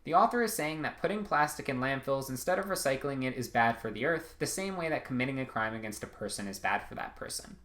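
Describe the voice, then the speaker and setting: A man's voice: medium pitch, lively intonation, fast talker, few pauses, a bit bright. A young man teaching a recorded writing lesson, casual and loose, with frequent ums and "right?" checks. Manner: casual, many ums and rights, restarts mid-sentence. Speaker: test prep instructor.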